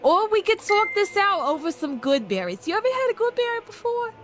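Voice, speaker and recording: A woman's voice: extremely high pitch, very animated, fairly quick, faint music behind, voice pushed up. A woman voicing a cheeky, bold female druid in a put-on accent. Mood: coaxing. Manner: playful, cocky.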